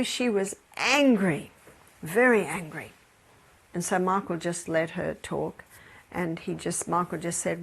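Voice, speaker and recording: A woman's voice: on the low side, measured pace, vocal fry, breathy edge. A woman with an Australian accent, giving a storytelling health lecture in a chatty manner. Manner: chatty, laughs between anecdotes. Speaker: health educator.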